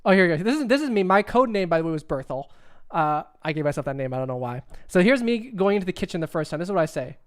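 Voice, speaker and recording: A man's voice: sits high, expressive, quick pace, clean tone. A man hosting a casual livestream, rambling and repeating himself as he cues up clips. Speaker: livestream host.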